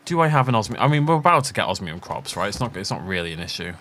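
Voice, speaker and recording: A man's voice: fairly low pitch, sing-song, very fast, fairly bright tone, slight background noise. A man giving casual, jokey let's play commentary, rambling through asides and laughing often. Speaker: gaming channel host. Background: game music.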